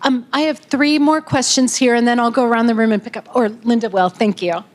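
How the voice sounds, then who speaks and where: A woman's voice: a little high, steady tone, fairly quick. A woman moderating a public Q&A, politely collecting note cards and reading audience questions aloud. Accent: American Midwestern. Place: community center meeting room.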